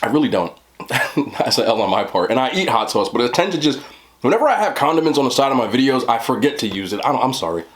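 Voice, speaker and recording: A man's voice: medium pitch, big pitch swings, quick pace. A young man chatting casually to camera as a mukbang vlogger, laid-back and talking between bites with his mouth full. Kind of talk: casual talk to camera while eating.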